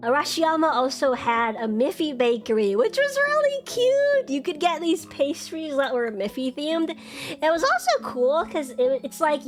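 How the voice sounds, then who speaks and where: A bubbly young woman in her twenties chats on a live stream, her voice sitting a little high and leaping into squeaky greetings for viewers. Soft music plays faintly behind her. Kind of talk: casual chat stream.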